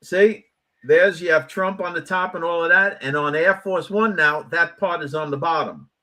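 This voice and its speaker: Bright-voiced animated male co-host. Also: a little high, normal speed. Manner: animated, repeats words, jokey. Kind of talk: casual live-stream chat.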